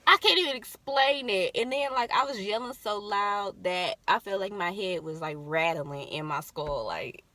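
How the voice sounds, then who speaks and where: A young woman tells her labor story in a relaxed, chatty way, her voice leaping around as she acts out the drama. The sound is close and dry, with no room around it. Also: mid-range voice, moderate pace, few pauses, dry recording. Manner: animated, acts out screams and quotes. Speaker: co-host telling her birth story. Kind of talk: casual storytelling chat.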